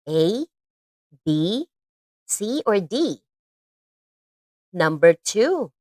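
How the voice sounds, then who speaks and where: A woman's voice: lowish voice, dry recording. A woman with a Filipino accent teaching a live online English lesson, encouraging and patient, mixing English with Tagalog.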